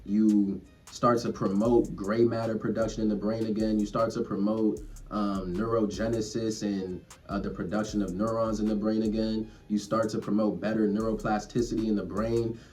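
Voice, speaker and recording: A man's voice: lowish voice, little pitch movement, moderate pace, darkish tone. A young man ranting casually and earnestly to camera, rambling and swearing as he reflects on himself. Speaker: vlogger. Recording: distant mic, faint music behind.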